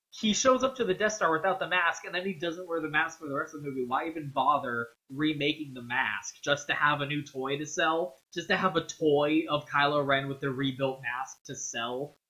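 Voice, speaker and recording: A man's voice: on the high side, sharp tone, poor audio. A man ranting casually about a movie, rambling and profane, with many fillers and strong opinions. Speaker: vlogger.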